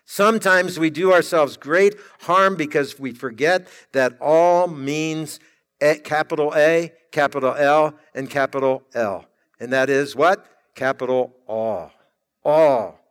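A man preaching a sermon with emphatic, drawn-out delivery and dramatic pauses. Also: on the high side, fairly bright tone, clean tone. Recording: reverberant church hall.

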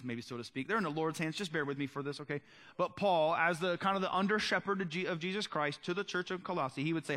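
A male pastor preaching a sermon in an earnest, conversational way, often slowing down for emphasis. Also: a little high, bright, forceful tone.

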